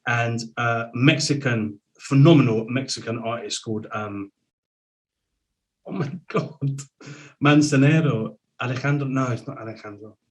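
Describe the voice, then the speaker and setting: Animated man hosting a chat show. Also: medium pitch, measured pace, rough recording. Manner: animated storyteller, voice swings up with excitement. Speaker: show host and singer. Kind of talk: casual video-call interview.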